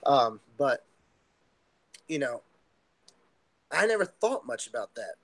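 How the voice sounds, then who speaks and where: A man's voice: fairly high pitch, sing-song, slow pace, pauses often, a bit bright, low-quality recording. A man speaking as a podcast guest, telling a personal story in an earnest, rambling way with many fillers and restarts. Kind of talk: casual storytelling.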